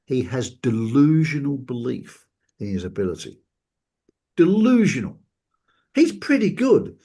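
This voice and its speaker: Animated husky man telling stories. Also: medium pitch. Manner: animated storyteller, mimics people he quotes. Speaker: talk show host. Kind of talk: casual chat.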